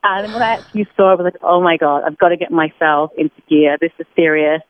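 A British woman in her thirties, a podcast guest telling stories in lively, casual chat. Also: lowish voice, fast, slight background noise. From Britain. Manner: chatty, animated storytelling with laughs. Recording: tinny phone-line sound.

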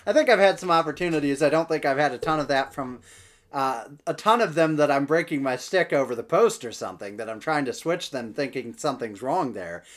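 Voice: medium pitch, animated, fairly quick. A podcast host chatting casually about hockey, reading stats and quotes with a joking tone. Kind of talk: casual sports podcast chat.

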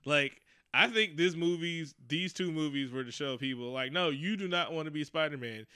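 A man's voice: a little high, normal speed, bright, forceful tone, clean tone, no room sound, clean studio sound. A man co-hosting a casual movie chat, ranting profanely and acting out mock quotes. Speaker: podcast co-host.

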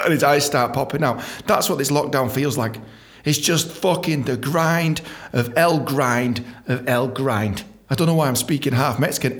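Male podcast host, high-pitched, profane and mocking comic rant. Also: moderate pace. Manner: profane, ranting; animated, mocking. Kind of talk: comedic monologue.

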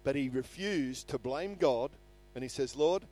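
A man's voice: mid-range voice, unhurried, warm tone. An older man preaching a sermon in an earnest manner, reading scripture aloud with rising emphasis. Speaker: pastor. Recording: faint music behind.

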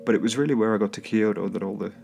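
Low-voiced man rambling over guitar. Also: rapid-fire, vocal fry. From England. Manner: hesitant, with many fillers and restarts, chuckling asides. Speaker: solo podcast host. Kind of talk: rambling casual storytelling monologue. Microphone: home microphone. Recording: guitar bedding music under the voice. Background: soft guitar background music.

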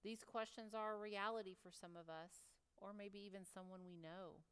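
Woman preacher, emphatic and reflective; smooth voice, echoing church hall. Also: medium pitch, steady tone, moderate pace. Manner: emphatic, rhetorical questioning, dropping to soft reflective tones. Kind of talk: sermon. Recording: long reverb of a large hall.

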